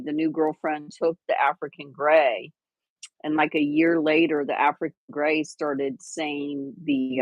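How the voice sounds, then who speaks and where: A woman's voice: low voice, no echo, dull audio. A woman hosting a livestream, chatting casually with viewers and a co-host, rambling with fillers and restarts.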